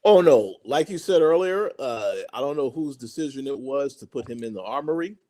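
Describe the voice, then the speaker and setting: Mellow-voiced man sharing his take on a show. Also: mid-range voice, expressive, a little fast. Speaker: podcast co-host. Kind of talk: casual TV recap chat.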